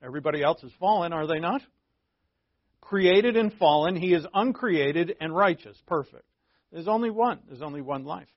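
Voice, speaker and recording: A man preaching a conversational sermon, animated, chuckling often and acting out little back-and-forth dialogues. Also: on the high side, normal speed, no echo. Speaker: pastor. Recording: dull, slightly lo-fi dry recording.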